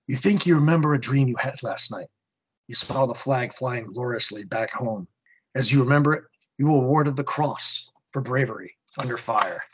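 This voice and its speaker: A man's voice: medium pitch, normal speed, a bit bright, slight background noise, poor audio. A man hosting a podcast, reading a war comic with theatrical narration and then giving a history segment. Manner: theatrical narration in second person. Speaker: podcast host.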